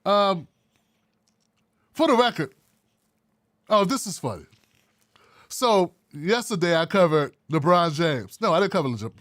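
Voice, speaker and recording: A man hosting his own commentary show, talking bluntly with wry asides in a casual, animated way. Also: sits high, unhurried, long pauses, no room sound, clean studio sound. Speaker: political commentary host.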